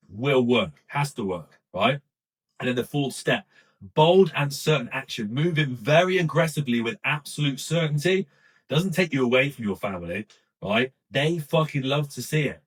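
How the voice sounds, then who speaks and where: A man delivers a blunt motivational talk to camera, swearing freely as he pushes other men. His voice is slightly husky and sits at a middle pitch. The mic is set some distance from him. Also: animated, moderate pace. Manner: blunt, forceful, heavy swearing. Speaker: men's coach.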